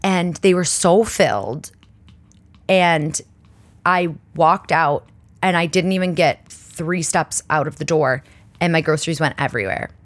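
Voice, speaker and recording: A woman's voice: sits low, unhurried, no room sound. A woman hosting her own show, chatting casually and rambling with lots of fillers and laughs. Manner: laughs often mid-sentence. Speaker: podcast host. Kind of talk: casual solo chat. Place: indoor studio under lights.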